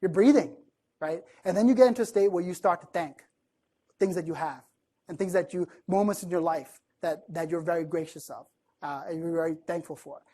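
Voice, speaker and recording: A man's voice: fairly high pitch, brisk, mellow. A man giving a motivational talk to a live audience in a room. He speaks conversationally, keeps checking in with "right?", and acts out sample lines.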